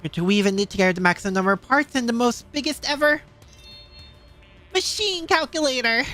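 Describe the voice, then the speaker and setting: A woman's voice: on the high side, a little fast, a bit bright, soft background music, voice pushed up, natural voice. A woman voicing a shy, stammering engineer girl who is obsessed with machines, reading a game scene. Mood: eager. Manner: stammering, nervous.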